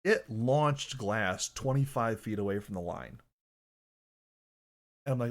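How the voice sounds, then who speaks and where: A man's voice: on the low side, lively intonation, slow, long pauses. A young man hosting a podcast, chatting casually and rambling, often correcting himself mid-sentence. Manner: rambling, self-correcting, bursts into loud mock voices. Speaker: podcast host. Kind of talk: casual chat on stream.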